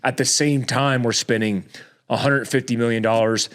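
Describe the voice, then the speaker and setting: A man talking as a podcast guest in casual chat, ranting heatedly, often restarting his words and jumping up in pitch when exasperated. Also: steady tone, normal speed, a bit bright. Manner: frequent restarts and repeated words.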